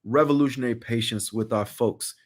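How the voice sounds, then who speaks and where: A man's voice: medium pitch, a little fast. A middle-aged man speaking as a podcast guest in casual chat, passionate, repeating phrases for emphasis.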